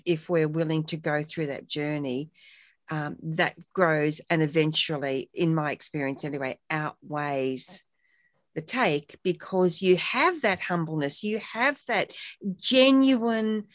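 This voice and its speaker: A woman's voice: fairly low pitch, dry recording. Reflective woman telling stories, dry sound. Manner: warm, reflective storytelling with acted quotes. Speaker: guest on a support talk show. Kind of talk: casual conversational chat.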